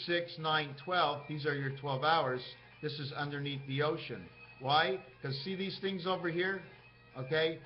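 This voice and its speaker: Rambling male speaker, slightly high voice, dull lo-fi recording with faint music behind. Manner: rambling, jumps between topics, asks himself questions. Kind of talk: rambling monologue to camera.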